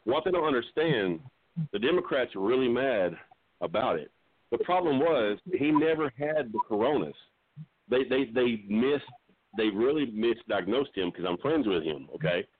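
A middle-aged man calling in to a talk show, telling meandering jokes with halting restarts. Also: mid-range voice, animated, breathy edge, no room sound. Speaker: regular caller. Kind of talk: rambling comedic call-in chat. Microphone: phone. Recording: dry tinny phone line.

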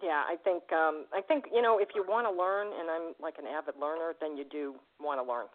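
A woman hosting a radio show, chatting with a caller and telling stories in a lively way, laughing often. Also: low voice. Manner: fast, animated storytelling, laughs often. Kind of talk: casual radio interview chat. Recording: tinny phone line.

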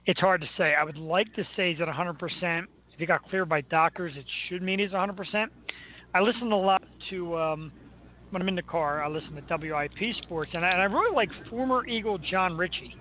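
A man's voice: sits high, a little fast. A man hosting a talk show, chatting enthusiastically about local sports. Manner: chatty, enthusiastic fan banter. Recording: tinny phone-like sound with faint noise.

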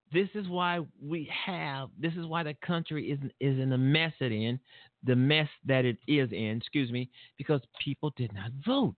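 Bluntly and with plenty of repeats and fillers, a man hosting a talk show rambles through a political monologue. His pitch is medium, there's no echo, and the audio comes through a tinny, phone-like line.

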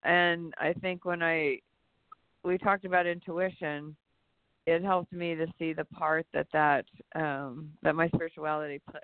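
A man's voice: a little high, flat delivery, a little slow, smooth, dry recording. A man co-hosting a reflective spiritual talk show, rambling and searching for his words. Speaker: podcast co-host. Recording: tinny phone-line sound.

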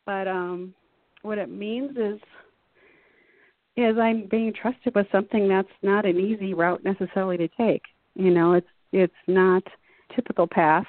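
Woman, interview guest, reflective, rambling, lower voice, phone-line sound. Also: dry recording. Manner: earnest, reflective, rambling with fillers. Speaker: guest artist. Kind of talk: casual interview chat. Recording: dry tinny phone line.

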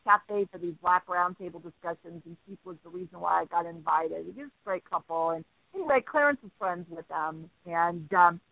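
A man hosting a talk radio show, telling a story with lively acted-out quotes. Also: high voice, moderate pace, vocal fry, few pauses, dry recording. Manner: animated storyteller acting out quotes. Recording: dry tinny phone-like line.

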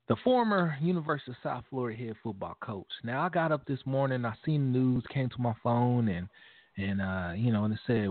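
A man co-hosting a casual sports talk show, animated and emphatic, often repeating phrases as he talks straight to fans. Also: medium pitch, no room sound. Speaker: podcast co-host. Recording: phone-like narrow sound.

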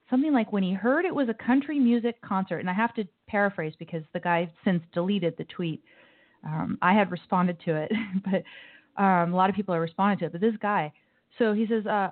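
A woman hosting a call-in talk show, chatting in a loose, opinionated way with asides. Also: mid-range voice. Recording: tinny phone-like sound.

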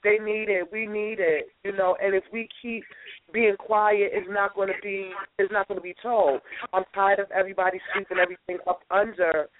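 A woman's voice: medium pitch, steady tone, normal speed. A woman calling in by phone to a radio chat, talking in a preachy way and repeating phrases for emphasis. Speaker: caller, guest's sister. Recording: phone line with hiss.

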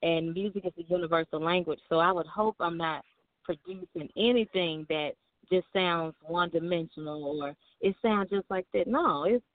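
A woman's voice: lowish voice, normal speed, dry recording. A young woman from Memphis with a Southern accent, a singer and songwriter calling in to give easygoing, reflective interview answers. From Memphis, Tennessee. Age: young adult. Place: calling in from home. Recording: dry tinny phone line.

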